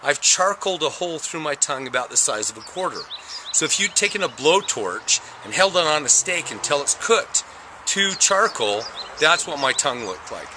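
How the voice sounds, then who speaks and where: A man's voice: on the high side, very animated, moderate pace, noisy background. A middle-aged man telling a personal story with drama, acting out voices and sound effects. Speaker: storyteller recounting a near-death experience.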